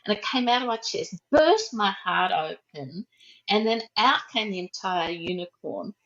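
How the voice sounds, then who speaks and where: A woman guest on a podcast telling a deeply personal story in a soft, slow, heartfelt way, often trailing off. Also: expressive, muffled recording. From Australia.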